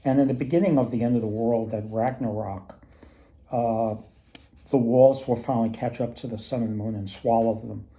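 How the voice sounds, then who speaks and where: Rambling man with a very dark voice. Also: medium pitch, steady tone, moderate pace. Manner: rambling, many restarts. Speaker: storyteller and mythology presenter. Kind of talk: casual storytelling talk.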